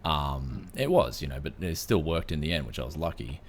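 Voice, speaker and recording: A man's voice: a bass voice, lively intonation, a little fast, a little hiss or hum. A young Australian man hosting a casual tech podcast, laid-back, saying "man" a lot between fillers. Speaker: podcast host.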